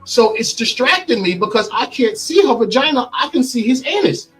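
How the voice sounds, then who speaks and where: A middle-aged man telling a personal story in an interview, animated and acting out the lines he quotes, played from a clip. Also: extremely high pitch, normal speed, music in the background, low-quality recording. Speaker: interview guest.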